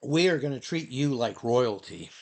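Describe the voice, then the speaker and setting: A man's voice: mid-range voice, lively intonation, normal speed. A man vlogging in a loose, rambling monologue, musing aloud and drifting between thoughts. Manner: meandering, playful, breaks into silly dog noises and voices.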